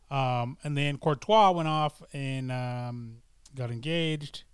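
A man's voice: mid-range voice, measured pace, clear, resonant tone, no room sound. A middle-aged man chatting casually to camera, rambling and hesitant, with many fillers and restarts. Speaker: vlogger. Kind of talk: casual chat.

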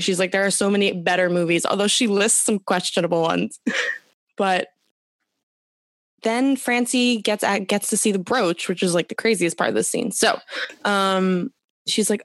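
A woman co-hosting a podcast, retelling TV episodes in animated, profane casual chat. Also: medium pitch, moderate pace, no room sound. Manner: animated and profane, with frequent fillers. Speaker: podcast co-host. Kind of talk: casual chat recapping a TV show.

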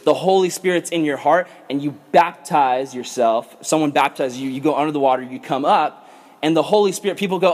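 A man leading a casual Bible study as a youth pastor. He is animated and chatty, says "like" a lot and acts out the people in the story. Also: a little high, brisk. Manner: animated and chatty, with lots of "like" and acted-out voices.

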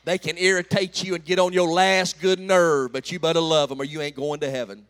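A pastor in his late forties preaching a folksy call-and-response sermon that builds to shouts. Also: on the high side, level tone, fairly quick. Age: 40s.

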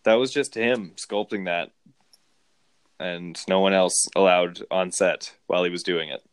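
A man casually discussing a movie, rambling and animated. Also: low voice, a little slow, clear, resonant tone, no echo. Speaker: film podcast co-host.

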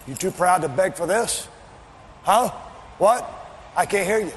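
A man cutting a wrestling promo, taunting and mocking, often shouting. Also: high-pitched, lively intonation, a little fast. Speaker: pro wrestler. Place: arena. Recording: echoey arena audio with faint background noise.

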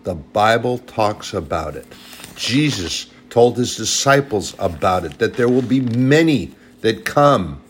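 A man with a fairly low voice preaches an informal sermon, earnest and plain-spoken. He moves between easy conversational asides and firm, scolding warnings, over a faint background hiss. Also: lively intonation, unhurried.

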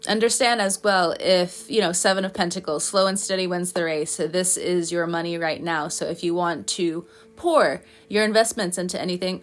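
A woman's voice: lowish voice, fairly even intonation, moderate pace, few pauses, soft background music. A woman giving a casual tarot reading, chatty and playful, often laughing and scolding her listeners in fun. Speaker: tarot reader.

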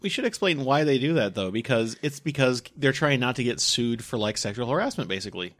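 A man's voice: medium pitch, animated, a little fast, fairly bright tone. Casual profane man riffing on movies. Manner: profane, acts out characters in quotes. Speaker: podcast co-host.

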